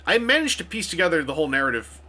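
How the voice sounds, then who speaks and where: Chatty man with a bright, tense voice. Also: on the high side, sing-song, racing. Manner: chatty, frequent fillers and restarts, sarcastic asides. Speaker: vlogger reviewing a film. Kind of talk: casual rambling talk to camera. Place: at home.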